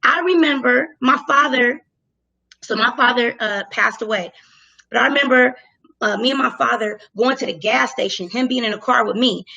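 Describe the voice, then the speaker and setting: A woman telling a story in casual talk, animated and profane, loudly acting out her own lines. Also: on the high side, moderate pace, creaky, dull audio.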